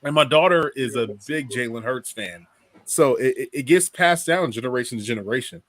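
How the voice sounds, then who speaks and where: A man's voice: mid-range voice, fairly quick, fairly bright tone, no room sound. Man, slangy, rambling, dry recording. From Philadelphia. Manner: slangy, rambling, laughs while talking. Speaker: podcast co-host. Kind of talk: casual fan chat.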